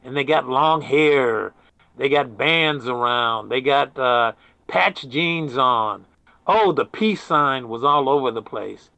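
A man's voice: mid-range voice, takes it slowly, gravelly, bright, forceful tone, dry recording. An older man telling stories in a casual interview, rambling with many restarts and often saying "man". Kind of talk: casual storytelling.

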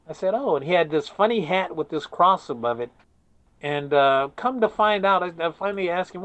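A man's voice: a little high, a little fast, no echo, highs cut off. Rambling older man telling stories. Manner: rambling, says "man" often, many restarts. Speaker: interviewee. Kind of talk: casual storytelling.

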